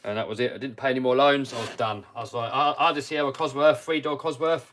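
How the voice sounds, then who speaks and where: A British man hosting a livestream, telling a story casually and animatedly, dropping to mutters and rising to loud outbursts. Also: mid-range voice, fairly even intonation, fast talker, a little hiss or hum. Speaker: livestream host.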